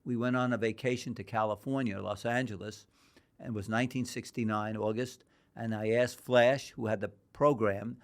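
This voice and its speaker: An older New York man, a boxing historian guesting on a podcast interview, speaks in a lowish voice at a moderate pace with fairly even intonation. He spins long, rambling anecdotes and acts out the quoted dialogue himself.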